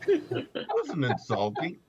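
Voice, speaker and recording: A man's voice: a little high, wildly swooping pitch, slow, breathy edge, dull audio. A man hosting a talk show, with dry, sarcastic banter. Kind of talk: casual banter.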